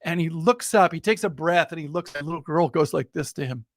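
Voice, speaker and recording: A middle-aged man, a guest in a casual interview, telling an anecdote in an animated way and building suspense. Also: fairly high pitch, quick pace, no echo. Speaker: guest storyteller.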